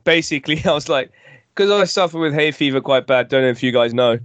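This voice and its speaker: A man's voice: medium pitch, fast, fairly bright tone, no echo, lo-fi sound. A man hosting a casual podcast with friends, talking in a put-on game show host manner. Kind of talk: casual chat among friends.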